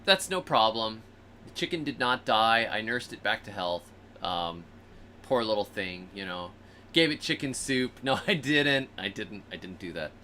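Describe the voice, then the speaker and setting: A man hosting a show, telling a story in a lively, swooping voice with a bright, forward edge. He breaks into funny character voices now and then. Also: fairly low pitch, unhurried, a little hiss or hum. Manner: animated, acts out animals and people in funny voices. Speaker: host. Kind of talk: casual storytelling.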